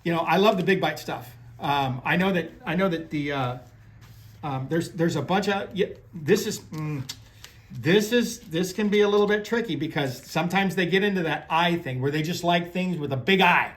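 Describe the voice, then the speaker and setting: High-voiced rambling fishing man. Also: moderate pace, a bit bright. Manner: rambling storyteller, many restarts, folksy phrasing. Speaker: fishing guide and tackle presenter. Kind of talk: casual talk on crappie fishing.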